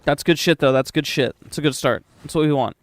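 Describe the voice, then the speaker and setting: A man's voice: on the high side, fast talker. A young man streaming a game live, joking and swearing as he chats with his viewers at a desk microphone. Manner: profane, joking, talks to chat. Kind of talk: casual live-stream chat.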